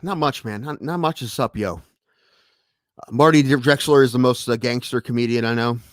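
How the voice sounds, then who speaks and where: A man hosting a solo stream, chatting casually and rambling from thought to thought, growing excitable as he tells stories. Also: medium pitch, moderate pace, no room sound. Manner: scattered and rambling, with many restarts, then excitable when telling a story. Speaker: podcast host streaming solo.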